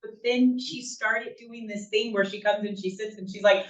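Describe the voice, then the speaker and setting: Here a woman talks to a group of parents at normal speed, her mid-range voice fairly even in intonation. She speaks conversationally and keeps checking in with "right?". Captured in a distant, roomy space, the recording sounds dull and lo-fi.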